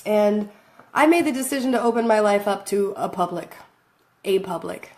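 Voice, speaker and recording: A woman's voice: medium pitch, expressive, moderate pace, darkish tone. A woman vlogging to her phone camera, rambling and self-deprecating as she talks casually, often laughing between thoughts.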